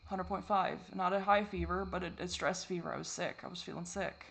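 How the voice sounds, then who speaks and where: A man talking in a confessional vlog, halting and repetitive, swearing often, and shifting between distress and soft, wry self-deprecation. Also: high-pitched, steady tone, creaky. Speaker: vlogger.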